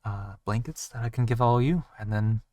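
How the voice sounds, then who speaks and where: A man narrating a tabletop role-playing game as game master, pausing often with ums and uhs. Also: mid-range voice, darkish tone, no room sound, studio quality, distant mic. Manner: halting, many ums and uhs.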